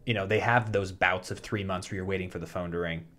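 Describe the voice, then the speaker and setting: Man, 30s, casual podcast co-host, lowish voice, halting and rambling, lots of restarts. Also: fairly even intonation, a bit bright. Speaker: podcast co-host and soap actor. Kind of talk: casual chat.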